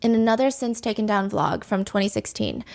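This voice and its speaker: A woman's voice: medium pitch, lively intonation, brisk, creaky, a little mellow. A woman hosting a reaction commentary show, speaking in an indignant, sarcastic, conversational way. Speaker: commentary host.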